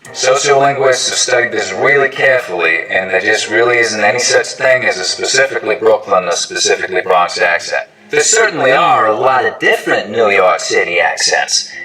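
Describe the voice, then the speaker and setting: Guy explaining accents like a teacher, bright sharp tone, sounds a bit far from the mic. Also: on the low side, lively intonation, a little fast. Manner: clear, didactic, demonstrates sounds. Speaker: accent coach. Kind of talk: scripted explainer narration.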